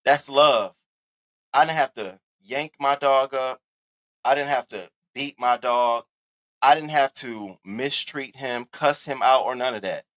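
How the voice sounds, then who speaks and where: A man hosting a commentary channel, chatting casually, loud and profane, talking straight to his viewers. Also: medium pitch, unhurried, dry recording.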